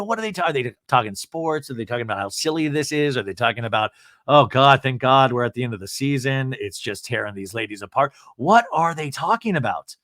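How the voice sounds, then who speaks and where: A man hosting a podcast, casually recapping an episode with wry asides and acting out quotes in jumpy, higher voices. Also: a bit bright, dry recording, studio quality. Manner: acts out quotes with quick pitch jumps. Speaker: podcast host.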